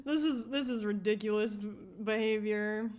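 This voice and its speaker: A woman's voice: medium pitch, moderate pace, darkish tone. A woman streaming live, chatting casually as she reacts to a video and reads viewer comments, often laughing and asking questions.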